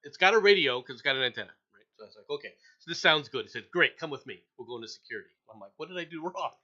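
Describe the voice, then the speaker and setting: A man's voice: mid-range voice, racing, lo-fi sound. A middle-aged man hosting a casual chat, telling a long story with lots of repeated words and acting out the people he quotes. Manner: animated, acts out quoted voices, laughs often, repeats words. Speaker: show host.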